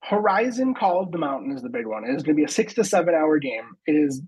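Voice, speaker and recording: A man's voice: fairly high pitch, sing-song, fast talker, a little mellow, slightly rough, rough recording. A man co-hosting a podcast in casual chat, offhand and full of fillers as he reads out news items.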